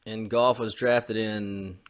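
A man's voice: lowish voice, flat delivery, slow pace, crowd noise. A man hosting a podcast, ranting and joking about sports with heavy swearing. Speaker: podcast host. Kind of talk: casual sports chat.

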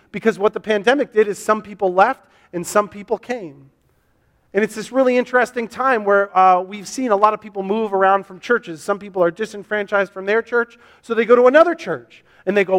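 A man pastor preaching a sermon in a church, earnest and repetitive, voicing the questions his listeners ask. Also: sits high. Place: church sanctuary. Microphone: to a camera for online viewers. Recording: long hall reverb.

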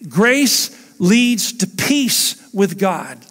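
A man's voice: high voice, big pitch swings, extremely slow, a bit bright, in a large hall. A man preaching a sermon as pastor, earnest and emphatic, repeating his key phrases.

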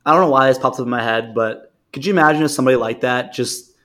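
A man's voice: medium pitch, quick pace, a bit bright. Man, podcast co-host, loose rambling storyteller, mid-range voice. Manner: rambling storyteller, acts out quoted people. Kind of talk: casual chat.

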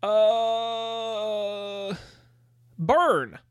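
A man's voice: high voice, fairly even intonation, very slow, smooth, no echo. A man running a tabletop game as game master, chatty and full of "uh" fillers.

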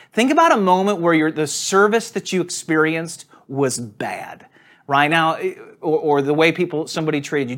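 A male pastor delivers a sermon in a casual, storytelling manner, sitting slightly high in his range. He laughs easily at his own anecdotes. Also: fairly bright tone. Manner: conversational storytelling, laughs at himself. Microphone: on camera.

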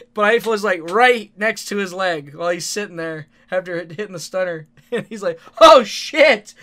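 A man's voice: high-pitched, bright, forceful tone. A man telling rambling wrestling stories in casual talk, swearing freely and laughing often. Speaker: independent wrestler. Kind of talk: casual storytelling monologue.

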